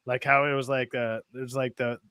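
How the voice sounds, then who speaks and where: Smooth-voiced man, emphatic and insistent. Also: mid-range voice, little pitch movement, a little fast, bright, forceful tone, no room sound, studio quality. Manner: emphatic, repeats himself to push back. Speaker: podcast co-host. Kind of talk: casual group chat.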